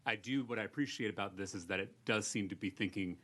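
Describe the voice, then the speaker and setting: A man's voice: lowish voice, quick pace, fairly bright tone. A man, a state legislator, making earnest, rhetorical remarks and asking questions at a committee hearing.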